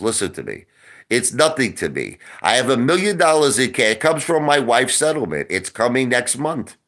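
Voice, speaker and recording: A middle-aged man with a medium-pitched, fairly bright voice rants on a livestream as an online video host. He's boastful and mocking, hurling crude insults and repeating lines.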